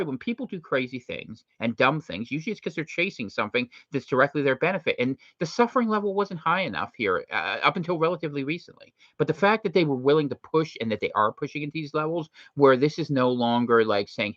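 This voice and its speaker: Animated man hosting casual commentary. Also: on the high side, no room sound. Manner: animated, jokey, slips into quick impressions. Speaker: host. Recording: dry, slightly muffled lo-fi recording.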